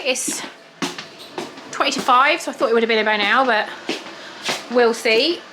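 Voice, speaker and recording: A frank, chatty woman in her thirties talks to her phone camera at home, swearing freely. Her voice sits a bit on the high side. Household noise comes through clearly behind her. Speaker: vlogger. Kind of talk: casual chat. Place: family home, kitchen.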